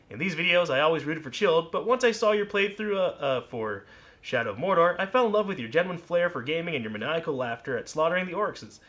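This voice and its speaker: A YouTuber casually reading fan mail aloud, soft-spoken and musing, often trailing off quietly. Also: male voice, fairly high pitch.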